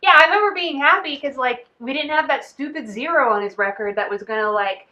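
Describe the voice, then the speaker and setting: A woman co-hosting a casual boxing chat show, chatty and quick to laugh. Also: high voice, bright, forceful tone, dull audio. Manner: chatty, laughs often, many fillers. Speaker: co-host.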